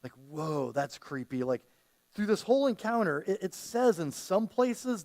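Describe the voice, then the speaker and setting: A man's voice: sits high, expressive, normal speed, a little mellow. A man preaching a sermon as pastor, talking casually and often acting out the voices he quotes.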